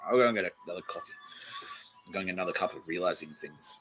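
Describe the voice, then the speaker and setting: A man's voice: deep voice, rapid-fire. A man hosting a comedy podcast, rambling in a crude, meandering monologue that keeps breaking off, and laughing at his own jokes. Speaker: podcast host. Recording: dull lo-fi recording with faint music.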